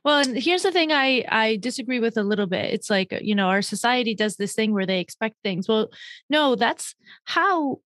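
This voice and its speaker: A woman in casual conversation who explains her point firmly and gives advice. Her voice sits a little high for a woman. The recording is close and dry. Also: expressive, normal speed, fairly bright tone, no echo. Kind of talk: casual chat.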